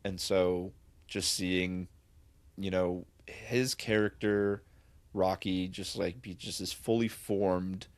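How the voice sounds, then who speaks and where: A man's voice: low voice, fairly even intonation, takes it slowly, no room sound. A man co-hosting a podcast, rambling enthusiastically about films in casual chat with lots of fillers. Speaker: podcast co-host.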